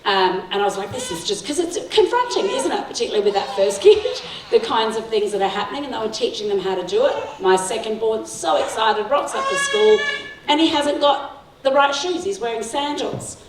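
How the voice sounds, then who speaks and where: A woman's voice: fairly high pitch, lively intonation, brisk, noisy background. A middle-aged woman giving a talk to parents, telling stories with frequent laughs and "right?" to the audience. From Sri Lanka. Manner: warm storytelling, laughs often, asks the audience "right?". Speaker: guest speaker. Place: school hall. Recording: echoey hall, mic heard from a distance.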